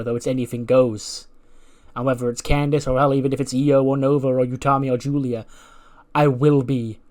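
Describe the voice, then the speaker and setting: A ruthless female wrestling champion speaks low and quiet, letting the threat carry itself, voiced by a man in his normal register. The menace stays understated, with no shouting. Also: close to an everyday voice.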